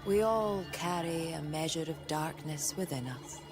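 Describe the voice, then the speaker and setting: A serene, solemn shrine keeper. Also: female voice, low-pitched. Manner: calm, solemn, measured speech. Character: serene wise woman of a shrine. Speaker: game character. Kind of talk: video game dialogue. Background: game music.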